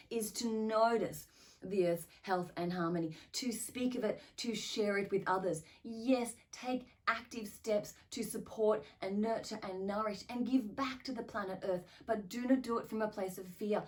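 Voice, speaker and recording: A woman channeling effusive cosmic spirit beings, slow and distant. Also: medium pitch, darkish tone, close to an everyday voice. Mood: earnest.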